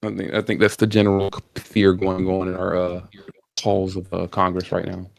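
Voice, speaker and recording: A man's voice: low voice, monotone, normal speed, creaky. A man talking as a guest in a casual online debate over a laggy voice call, cynical and rambling.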